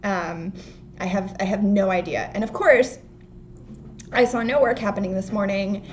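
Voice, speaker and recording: Young woman knitting host, chatty and meandering, mid pitch, slightly muffled home recording, faint noise. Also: steady tone, moderate pace. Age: young adult. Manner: chatty, rambling, frequent ums. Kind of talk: casual chat. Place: home, indoors. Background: faint outdoor work noise.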